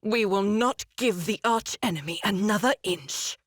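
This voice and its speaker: A woman's voice: medium pitch, measured pace, no echo, clean studio sound, close to an everyday voice. An actress playing a zealous female holy warrior, proud and scornful. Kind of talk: video game voice acting.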